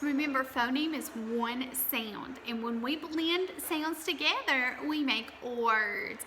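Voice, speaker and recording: A woman teaching a kindergarten class, drawing out letters and words slowly and cheering the children on. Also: fairly high pitch, background noise. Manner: slow and drawn out when spelling, encouraging. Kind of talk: slow, clear classroom lesson.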